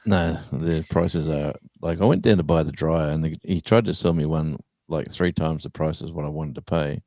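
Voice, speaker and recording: A rambling, chatty man, speaking in a very low and mellow voice. He hosts a casual live stream and is recorded close to the mic with no room sound. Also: normal speed, no echo. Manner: rambling storyteller, chatty and animated. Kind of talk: casual chat.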